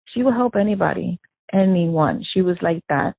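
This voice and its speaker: A woman tells her late sister's story, slipping into the voices of the people she quotes. Her voice is gravelly and husky, with a dry, close sound. It comes through a narrow, tinny phone line. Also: lowish voice, moderate pace, no echo. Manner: animated storyteller who acts out quoted dialogue. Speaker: victim's sister, interviewee. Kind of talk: emotional first-person recollection.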